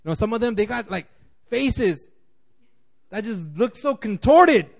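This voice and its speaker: A man pastor giving a casual, conversational sermon, animated and acting out quotes, with frequent restarts. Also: high voice, a little slow, vocal fry.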